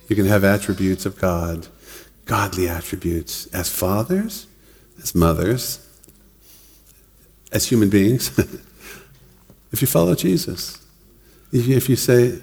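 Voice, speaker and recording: A man preaching a sermon in a relaxed, conversational way, often laughing and acting out other people's words. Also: low voice. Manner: conversational, laughs often, acts out quoted voices. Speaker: pastor. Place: church hall. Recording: long reverb of a church hall.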